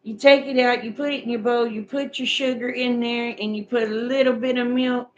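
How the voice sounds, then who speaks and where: Chatty woman, higher voice. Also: steady tone, a little fast, lo-fi sound, slight background noise. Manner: homespun, chatty, repeats her instructions. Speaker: vlogger chatting with viewers. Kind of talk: casual chat, recipe instructions.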